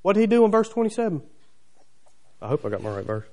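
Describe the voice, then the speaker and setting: A man's voice: high voice, very animated, fast, a little mellow. A man preaching a sermon in a church, telling the story in a folksy way full of wondering questions. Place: church sanctuary.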